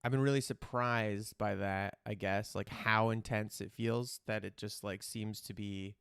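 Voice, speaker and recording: Smooth-voiced man hosting a casual podcast. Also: lowish voice, steady tone, measured pace, fairly bright tone, no echo, studio quality. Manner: rambling and candid, with casual swearing. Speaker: podcast host. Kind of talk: casual chat.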